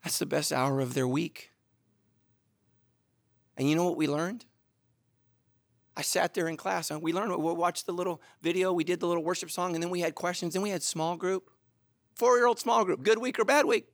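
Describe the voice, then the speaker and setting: A middle-aged man preaching a sermon, telling stories animatedly, moving between loud excitement and low, earnest intensity. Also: normal speed, pauses often, no room sound. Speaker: pastor.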